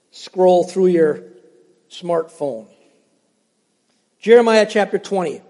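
A man's voice: on the high side, creaky, mellow, long reverb tail. An older man preaching a sermon as pastor, emphatic and repeating phrases for stress while addressing the congregation directly.

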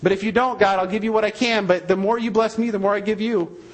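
A man voicing his older grandfather, a farmer, praying in a plain, matter-of-fact, unhurried way, slightly lower and quieter than his own voice. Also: fairly even intonation, poor audio. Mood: steady earnest.

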